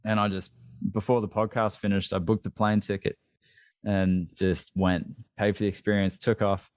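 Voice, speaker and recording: A man in his thirties, a podcast guest, telling a long personal story in a candid, animated way with many restarts. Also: lowish voice, normal speed, no room sound. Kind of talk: storytelling interview.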